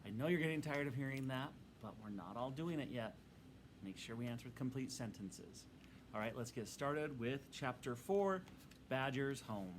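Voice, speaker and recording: A man reading a storybook aloud to his students in a patient, instructive and expressive way. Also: mid-range voice, normal speed, slight background noise, poor audio.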